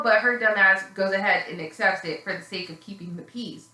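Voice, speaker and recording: Woman, casual vlog reviewer; sarcastic, profane, sharp bright tone; roomy echo, slightly off-mic. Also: brisk, few pauses. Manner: blunt, sarcastic, swearing freely; acts out quoted voices in a high, shrill tone. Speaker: reality TV reviewer.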